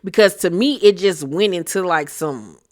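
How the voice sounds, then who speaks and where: A woman's voice: fairly low pitch, normal speed, darkish tone. Sassy, blunt woman vlogger ranting. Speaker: reality TV recap host. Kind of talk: casual commentary vlog.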